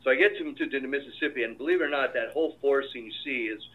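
A film director telling stories in a casual interview, acting out what people said. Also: male voice, mid-range voice, rapid-fire. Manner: animated storyteller, acts out quoted dialogue. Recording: tinny phone-like line.

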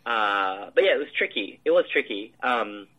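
Male director, slightly low, bright tone, rambling interview answers full of ums. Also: lively intonation, moderate pace, low-quality recording. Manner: rambling, many fillers and restarts, laughs often. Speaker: film director. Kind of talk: casual interview.

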